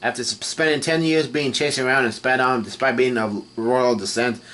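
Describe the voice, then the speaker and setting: Man haltingly retelling a comic chapter. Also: medium pitch. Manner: halting, reads out dialogue in an even voice. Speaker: manga reaction host.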